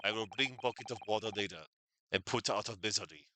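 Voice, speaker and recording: A man's voice: fairly low pitch, quick pace, noisy background, lightly acted. A man voicing a grumpy Russian ship crewman who speaks in clipped, broken English, with game music behind. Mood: gruff.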